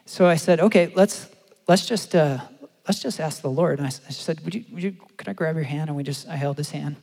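A man's voice: on the high side, brisk, creaky. Man preaching in an echoing church hall. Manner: animated storytelling, acting out quotes. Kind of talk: sermon with a story. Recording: long hall reverb.

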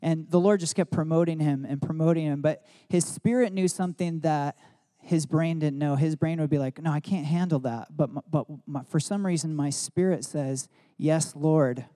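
A man's voice: fairly high pitch, fairly even intonation, normal speed, dark tone. A man preaching a sermon to his congregation as their pastor, telling stories in a conversational way with frequent "like". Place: church service.

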